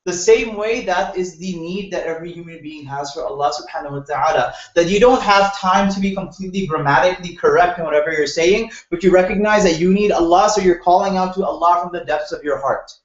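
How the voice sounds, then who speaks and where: High-voiced man teaching a roomy class. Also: fairly quick. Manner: conversational, poses questions to the class. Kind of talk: Quran explanation class. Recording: roomy, dull lo-fi classroom recording.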